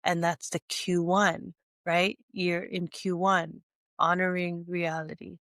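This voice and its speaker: A woman coach with a stuffy, congested nose, teaching a slow and earnest monologue with frequent restarts. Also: lowish voice, level tone, gravelly, a bit bright, no room sound. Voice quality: nasal from congestion. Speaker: speaker and coach.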